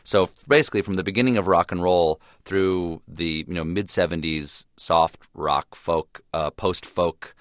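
A man with a low, deep voice talks through his memories as an interview guest, reflective and meandering, often restarting his sentences. The sound is dry and close, straight into a studio microphone. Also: measured pace, hardly any pauses, no room sound. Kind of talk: casual interview chat.

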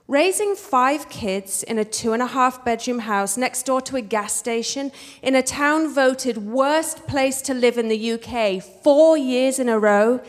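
A young English woman from England, telling a story on stage with a wry, animated, punchy delivery. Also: a little high. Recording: reverberant hall.

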